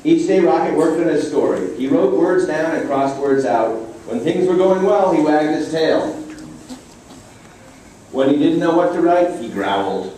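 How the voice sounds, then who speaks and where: A man gently reading a children's picture book aloud, adding casual asides. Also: a little high, expressive, measured pace, a little hiss or hum. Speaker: storybook reader. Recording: echoey room from far off.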